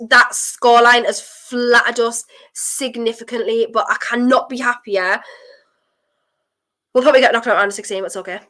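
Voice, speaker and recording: A young woman hosting a live football watchalong stream, reacting with elated, breathless excitement and chatting with her viewers. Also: on the high side.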